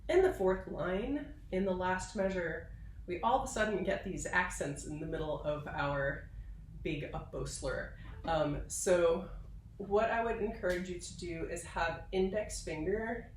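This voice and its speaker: A woman viola professor giving a patient, explanatory instrumental tutorial, pausing now and then with fillers. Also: on the low side, roomy sound, far from the mic, a little hiss or hum, low-quality recording. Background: viola playing.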